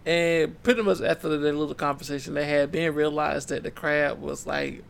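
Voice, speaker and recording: A man's voice: a little high, fairly even intonation, normal speed, gravelly. A man co-hosting a casual book-club podcast, retelling a story in laid-back slang and acting out the characters' lines. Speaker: podcast co-host.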